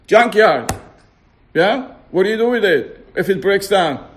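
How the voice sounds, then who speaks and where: In an informal religious class, a high-voiced man with lively intonation keeps testing his audience with questions and slows to stress key terms. A little hiss or hum can be heard in the background.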